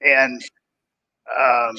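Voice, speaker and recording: A man's voice: medium pitch, flat delivery, very slow, bright, forceful tone, dry recording, highs cut off. A man in a loose, folksy casual book chat, rambling and restarting his sentences. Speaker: podcast co-host.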